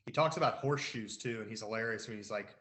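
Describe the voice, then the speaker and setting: A man in casual podcast chat, speculating in an unhurried way. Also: fairly low pitch, a bit bright. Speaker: podcast co-host.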